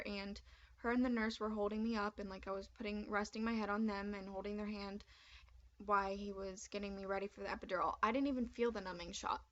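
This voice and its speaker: A young woman telling a personal story straight to camera, candid and chatty, with lots of "like" and lively retold lines. Her pitch sits in the middle of the range. The home recording sounds a little dull and lo-fi. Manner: chatty, candid, animated retelling with frequent "like". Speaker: vlogger.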